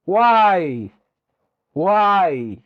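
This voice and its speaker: A man, reacting to a clip in casual slangy commentary with loud drawn-out exclamations. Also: high-pitched, sing-song, dry recording, lo-fi sound. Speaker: reaction streamer.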